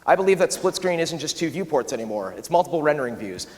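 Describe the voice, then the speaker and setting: Fast, animated man on a conference stage. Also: on the high side. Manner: animated, quick, acts out quoted asides. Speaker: conference speaker. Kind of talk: keynote talk. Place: large conference hall. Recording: long reverb of a large hall.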